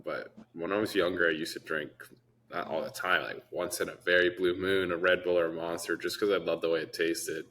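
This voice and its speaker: Really deep-voiced guy, sharp punchy tone, deadpan jokes on a chill pod, bit of hiss. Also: brisk. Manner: joking banter, deadpan quips. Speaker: podcast co-host. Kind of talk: casual chat.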